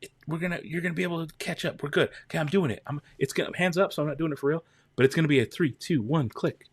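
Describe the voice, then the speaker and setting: A man's voice: fairly high pitch, racing, husky, no room sound. A man hosting a casual livestream, chatting with viewers, greeting them by name and counting down. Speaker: livestream host.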